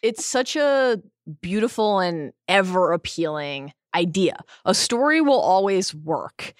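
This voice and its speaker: A woman's voice: medium pitch, expressive, unhurried, no echo, studio quality. A woman co-hosting a podcast, talking earnestly and enthusiastically and often laughing. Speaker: podcast co-host. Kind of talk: casual pop-culture discussion.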